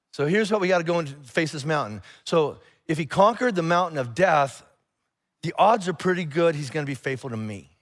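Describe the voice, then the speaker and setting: A man preaches from a church stage, his voice sitting a little higher than most men's. He talks like he is chatting with the room, animated and frank, and he often acts out both sides of a conversation. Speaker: pastor. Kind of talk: sermon. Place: church auditorium.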